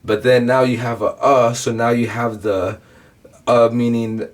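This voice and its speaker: A man's voice: medium pitch, flat delivery, a little slow. A young man hosting a reaction video, breaking down rap wordplay in a rambling, casual way full of "like" and "bro". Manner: rambling, repeats himself, says "bro" and "like" a lot. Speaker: reaction channel host.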